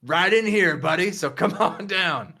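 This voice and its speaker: A man's voice: high-pitched, expressive, a little slow, bright, forceful tone, voice pushed up, exaggerated voice. A man voicing a brash, crude young man who swears and gloats, in a tabletop game. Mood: gloating.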